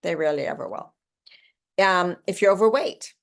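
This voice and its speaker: A woman's voice: fairly low pitch, moderate pace, vocal fry. A woman in her sixties giving a casual, encouraging morning talk. She chats conversationally and acts out quoted inner voices. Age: 60s.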